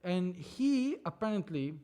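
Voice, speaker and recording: A man, a film producer and podcast guest, telling a story in animated casual talk, acting out dialogue and swearing freely. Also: high voice, unhurried, clear, resonant tone. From Lebanon.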